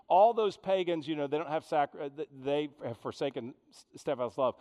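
A man preaching a sermon in an animated way, full of rhetorical questions. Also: on the high side, normal speed, few pauses, long reverb tail. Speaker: pastor.

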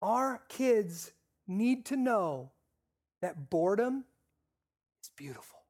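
A pastor preaching a sermon with repeated, stressed phrases, slowing down on key lines and asking the congregation questions. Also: medium pitch, very animated, darkish tone.

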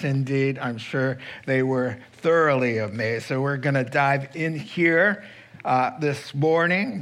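A man's voice: a little high, fairly bright tone. A man preaching a sermon as pastor, telling a scripture story with asides.

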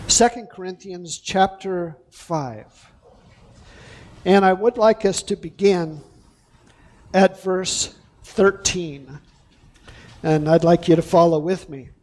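A male pastor preaching a sermon, deliberate and emphatic, drawing out key words. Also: high-pitched, darkish tone.

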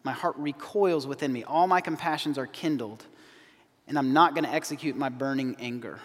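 A man's voice: mid-range voice, moderate pace, in a large hall. A man preaching a sermon, earnest and emphatic, quoting scripture with rising emphasis. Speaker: pastor.

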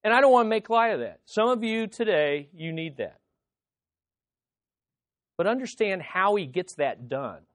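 A pastor preaching a sermon with dramatic emphasis, asking the congregation rhetorical questions and calling for amens. They swing between loud, pressing lines and soft, hushed ones. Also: medium pitch, expressive, a little slow, pauses often.

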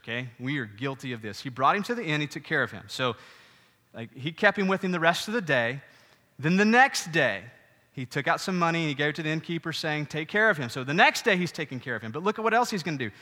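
Bright-voiced pastor preaching in a hall. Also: male voice, a little high, fairly quick. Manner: conversational, animated preaching with frequent asides. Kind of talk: sermon. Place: church hall. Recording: reverberant church hall.

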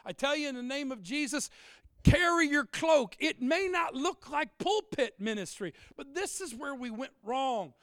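A middle-aged man preaching a humorous sermon, animated and joking, swinging from shouts to quiet asides. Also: extremely high pitch, normal speed, dry recording, studio quality. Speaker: pastor.

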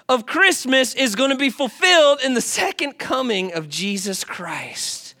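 A male pastor preaching a sermon in an animated way, often putting questions to the congregation. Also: very high voice, a little slow, hardly any pauses.

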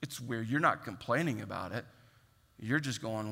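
A man's voice: lowish voice, lively intonation, normal speed, gravelly, sharp tone. A man preaching a sermon in an earnest, conversational way, often acting out what people say. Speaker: pastor. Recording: long hall reverb.

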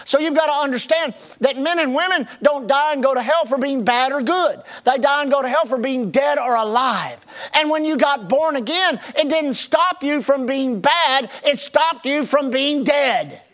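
A man's voice: very high-pitched, normal speed, a bit bright. A man preaching a sermon, reading scripture aloud and calling out to the congregation. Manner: preaching with call-outs to the congregation. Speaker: pastor.

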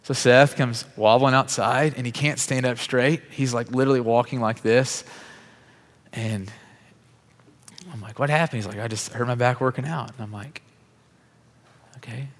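A man's voice: medium pitch, moderate pace, pauses often. A man telling a testimony in a sermon, casual and conversational, acting out the people in his story. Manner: lively storyteller who acts out quoted dialogue; conversational, casual fillers like "like" and "bro". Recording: long reverb of a large hall.

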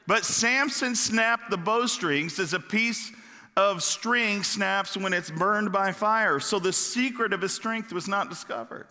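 Man, Bible teacher, casual joking delivery, fairly high voice, long hall reverb. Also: a little slow, pushed and bright. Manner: casual, joking, stumbles over words.

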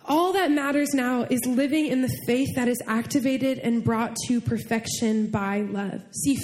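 A young woman with a high voice delivers a sermon in a loose, conversational way. She fills her speech with "like"s and tells personal stories with open emotion. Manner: chatty, many "like"s, emotional storytelling. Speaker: preacher.

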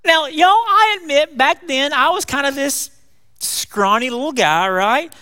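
A man preaching a folksy, animated sermon, calling his congregation y'all. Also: very high voice, a little slow. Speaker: pastor. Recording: long hall reverb.

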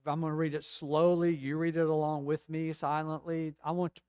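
A man preaching a sermon as pastor, rising to emphatic swells and dropping to slow, quiet reflection. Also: fairly high pitch, level tone, clear, resonant tone, no room sound, muffled recording.

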